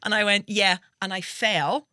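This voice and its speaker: A woman's voice: medium pitch, steady tone, measured pace, pushed and bright, dry recording. A woman hosting a comedy podcast, telling a long story in a chatty way and often breaking into laughter. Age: 30s or older. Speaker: podcast host.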